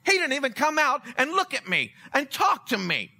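A huffy, proud army commander in a sermon retelling, as a preacher puts him on. The complaints ride a high voice that leaps up and down, with a piercing, bright edge. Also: male voice, wildly swooping pitch, normal speed, vocal fry, exaggerated voice. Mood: indignant. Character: proud indignant army commander, grown man.

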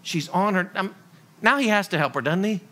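Folksy pastor, high bright voice, animated sermon delivery. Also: male voice, brisk. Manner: animated, rhetorical questions, folksy humor.

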